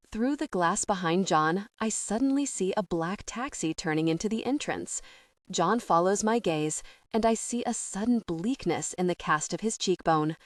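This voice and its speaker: A woman reading a first-person romance audiobook in a soft, intimate, emotional way. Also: mid-range voice, expressive, normal speed, dry recording, clean studio sound. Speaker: audiobook narrator. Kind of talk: first-person scripted narration.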